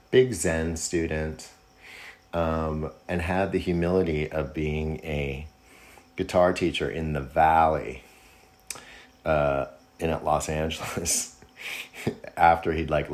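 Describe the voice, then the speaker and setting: A man telling a long, rambling personal anecdote in a laid-back, casual way. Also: extremely low pitch. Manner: rambling, laid-back, with fillers and quoted asides. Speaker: storyteller.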